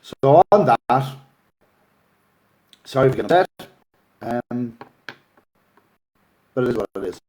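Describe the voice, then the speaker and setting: A man's voice: medium pitch, lively intonation, slow, long pauses, darkish tone, a little hiss or hum. Impassioned Irish man on a livestream. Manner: earnest, pleading, gets emotional. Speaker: activist livestream host. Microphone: phone or laptop livestream.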